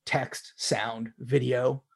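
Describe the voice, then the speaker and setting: A man's voice: mid-range voice, flat delivery, extremely slow, creaky, breathy edge. A man hosting a casual tech chat, rambling with restarts and fillers. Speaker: podcast host.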